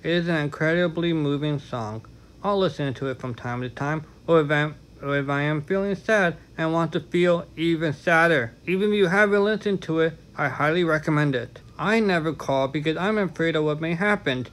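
A man's voice: fairly high pitch, normal speed, a bit bright, rough recording. A man vlogging in a casual talk to camera, frank and candid, with chatty asides.

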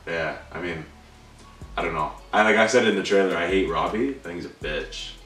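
A young man co-hosting a trailer reaction, chatting casually, excitable and swearing, his voice jumping up when worked up. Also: low-pitched, a little fast. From Canada. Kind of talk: casual chat. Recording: echoey room, distant mic, faint music.

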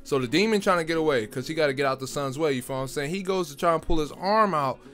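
Excited, slangy young man with a high voice. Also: fast, faint music behind. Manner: excited, slangy, stumbles over words. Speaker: video creator reviewing a film. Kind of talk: casual excited recap.

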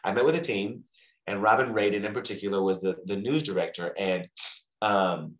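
Animated man telling stories in a roomy space. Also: on the low side, normal speed. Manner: animated storyteller who acts out quoted voices. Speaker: TV entertainment host, interview guest. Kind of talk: casual interview storytelling.

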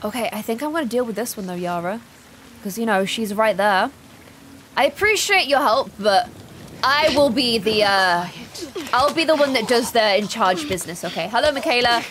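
A woman's voice: a little high, lively intonation, normal speed, fairly bright tone, a little hiss or hum. Chatty woman streaming a game. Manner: chatty, reads in-game notes aloud and greets chat. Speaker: gaming streamer. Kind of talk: live game streaming, reading notes and chat.

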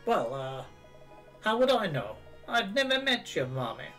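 A man voicing a pompous, posh older gentleman in a video game, in a plummy put-on upper-class voice. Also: high voice, sing-song, a little slow, faint music behind, pitched above the performer's own voice, exaggerated voice. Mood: condescending.

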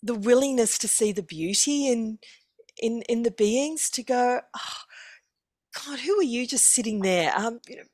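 A woman in a casual group conversation, musing aloud in a halting way and repeating words. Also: on the high side, animated, darkish tone, dry recording.

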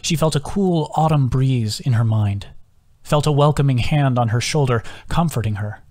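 A man, the author, reading his own novel aloud as an audiobook narrator, in an even, measured way with hushed quoted lines. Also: medium pitch.

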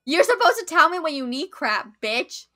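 Streamer woman, high animated voice, teasing and foul-mouthed co-op banter. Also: normal speed, no echo. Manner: swears often and teases her co-player. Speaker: streamer host. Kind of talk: casual gameplay chat.

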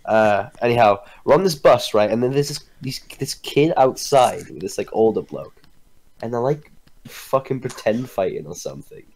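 A man's voice: medium pitch, animated, normal speed, darkish tone. A young man on a live stream, telling crude, swear-heavy stories to friends and laughing as he goes. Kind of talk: casual storytelling with friends.

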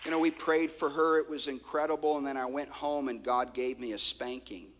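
A male pastor preaching a sermon, telling stories with swings from loud bursts to hushed tones. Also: mid-range voice, fairly even intonation, brisk, slight background noise. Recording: long hall reverb.

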